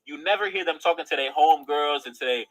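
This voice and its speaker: A man's voice: on the high side, quick pace, rough recording. Blunt man saying "bro" a lot. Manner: blunt, repeatedly says "bro". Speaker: commentator in a played clip. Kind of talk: casual opinion commentary.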